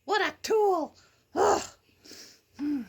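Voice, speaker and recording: A woman's voice: very high-pitched, expressive, extremely slow. A woman hosting a casual storybook read-aloud, breaking off into chatty, silly asides and giggles. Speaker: storyteller host.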